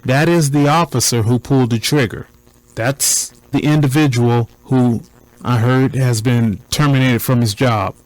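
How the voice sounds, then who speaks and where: A man with a mid-range voice talks through a recording point by point. His delivery is deliberate and preacher-like, with repeated phrases for emphasis. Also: medium pitch, steady tone, no echo, poor audio. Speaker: commentator. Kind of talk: commentary on a recording.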